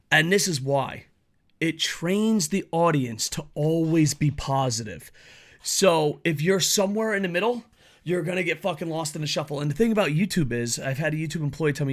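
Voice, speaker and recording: A man's voice: fairly high pitch, animated, normal speed, a bit bright. A man giving a blunt, profanity-heavy solo opinion rant as a wrestling commentary YouTuber.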